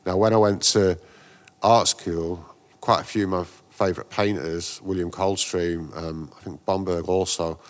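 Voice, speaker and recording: A man's voice: deep voice, steady tone, moderate pace. A man in a casual interview, telling rambling anecdotes full of slang and restarts. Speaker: guest, graffiti artist and painter.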